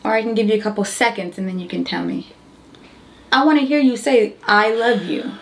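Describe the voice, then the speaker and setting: A woman's voice: medium pitch, fairly quick, creaky, a little hiss or hum. A woman in a comedy skit, talking in an insistent, exasperated way as she pushes her partner.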